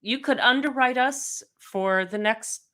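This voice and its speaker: A woman's voice: fairly high pitch, unhurried, pushed and bright, clean tone. A woman co-hosting a casual live show, chatting and laughing easily. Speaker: co-host.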